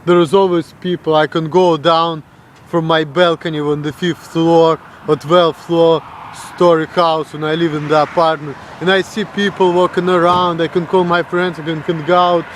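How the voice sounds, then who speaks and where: A man's voice: a little high, level tone, moderate pace, slight background noise. A young Russian man with a Russian accent, ranting bluntly and crudely on a vlog. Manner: blunt, crude, mocking the voices of others. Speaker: vlogger. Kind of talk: blunt profane rant.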